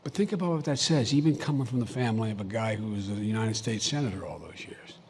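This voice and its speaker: A man's voice: fairly low pitch, fast talker, a little hiss or hum. An older man giving a folksy, anecdotal public speech as vice president. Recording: long hall reverb, faint ambience.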